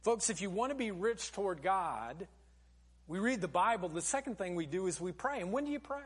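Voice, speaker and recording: A male pastor delivering a sermon in a high, lively voice that swings widely in pitch. He preaches in an easy, conversational way and turns often to his congregation as "folks". His delivery is expressive and engaging. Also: brisk, slightly rough.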